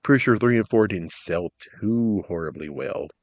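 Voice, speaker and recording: A young man casually commenting on game announcements, rambling, ranting loudly at times and then trailing off into mumbles. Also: on the low side, lively intonation, moderate pace, no room sound. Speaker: gaming vlogger.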